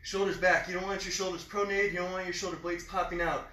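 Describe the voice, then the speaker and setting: A man's voice: high voice, flat delivery, fast, noisy background. A man leading a live online workout, counting and cueing moves while he exercises, with chatty asides between sets. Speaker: fitness trainer. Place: home room. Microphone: camera mic at a distance. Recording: echoey room, voice far from mic.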